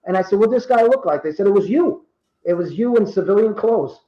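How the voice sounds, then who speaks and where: A man in his fifties from Rhode Island, telling true stories in casual talk and acting out the quoted dialogue with lively energy. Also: sits high, fast, echoey room, muffled recording. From Rhode Island, USA. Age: 50s. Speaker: guest. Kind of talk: casual storytelling.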